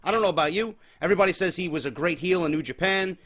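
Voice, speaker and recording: Wrestling podcast host, male, slightly high pitch, questioning and skeptical. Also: racing, a bit bright. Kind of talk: casual wrestling talk.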